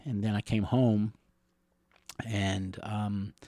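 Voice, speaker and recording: A middle-aged man from the Catawba Nation telling personal stories in an interview, rambling gently with chuckles and fillers. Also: fairly low pitch, steady tone, slow pace, dry recording, clean studio sound. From Catawba Nation, Carolinas, USA.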